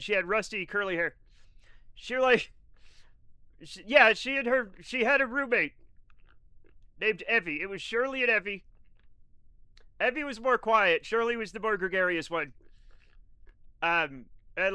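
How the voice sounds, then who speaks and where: Guy streamer telling rambly jokey stories, pretty high voice, dry sound. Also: sharp tone, smooth, dry recording. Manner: rambling, joking storyteller. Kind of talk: casual chat.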